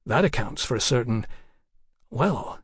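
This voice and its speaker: A man's voice: mid-range voice, lively intonation, a little slow, breathy edge, no room sound, studio quality. A male narrator voicing a flustered Victorian scientist who blurts out his words in anxious indignation. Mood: agitated.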